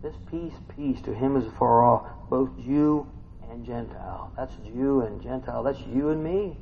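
A gravelly-voiced man preaches a sermon, swinging between near-whispered asides and sudden loud bursts. His voice sits at a middle pitch. The recording is dull and lo-fi, with a faint hiss of noise underneath. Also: normal speed. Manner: swings from hushed asides to loud exclamations, muses with hums. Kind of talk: sermon reading and expounding scripture.

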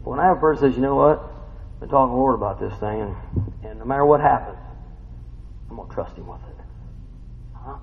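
A man's voice: medium pitch, quick pace, creaky, pauses often, a little hiss or hum. A man preaching a casual, story-driven sermon, full of rhetorical questions and folksy asides. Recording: muffled sound with long hall reverb.

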